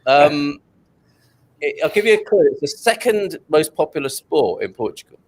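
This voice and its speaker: A man's voice: a little high, animated, normal speed. A man hosting an online chat show over a video call, joking, reading out chat comments and laughing often. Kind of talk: casual banter on a video call.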